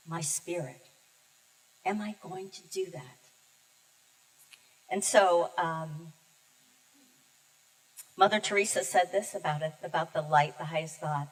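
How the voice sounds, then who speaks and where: An older woman minister giving a heartfelt, personal sermon, telling her story with pauses and emotion. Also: medium pitch, big pitch swings. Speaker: guest minister. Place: church sanctuary. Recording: distant mic in a reverberant sanctuary.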